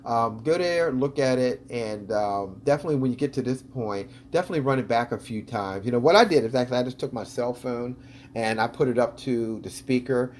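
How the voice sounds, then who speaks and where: A video host analyzes footage, chatting eagerly and casually with lots of ums and restarts. His voice is medium-pitched and darkish, his pace brisk, with a little hiss or hum in the audio.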